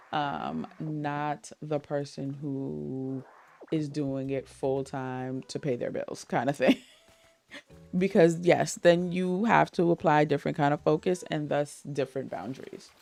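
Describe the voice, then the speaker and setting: Low, gravelly-voiced woman streamer. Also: a little mellow. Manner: chatty, laughs often, greets chat. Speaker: game streamer. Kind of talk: casual live-stream chat.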